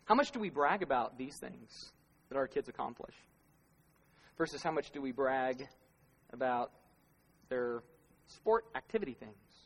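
A man's voice: mid-range voice, lively intonation, unhurried, gravelly, breathy edge. A man preaching in a reverberant hall. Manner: conversational preaching with self-deprecating laughs and rhetorical questions. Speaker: pastor. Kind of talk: sermon. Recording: long reverb of a large hall.

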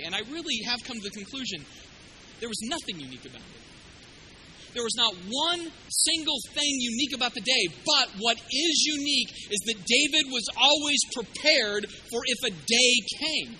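A man preaching with a very high, piercing bright voice. He retells scripture casually, cracks jokes and suddenly gets loud when acting out lines. A faint room hum sits behind him. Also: fairly quick, rough recording. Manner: animated, joking, acts out quotes with sudden loud bursts. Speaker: pastor. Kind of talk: sermon.

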